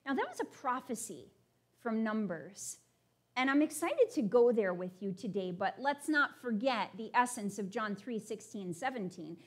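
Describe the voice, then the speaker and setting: A woman preaching a sermon, animated as she paraphrases and reads scripture to her congregation. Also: a little high, moderate pace.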